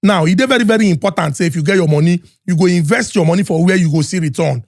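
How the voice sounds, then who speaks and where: A Nigerian man hosting a podcast, doing sponsor reads and hype introductions in an energetic, Pidgin-mixed style with shouted announcements. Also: high voice, racing, creaky, no echo, studio quality. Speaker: podcast host. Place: podcast studio.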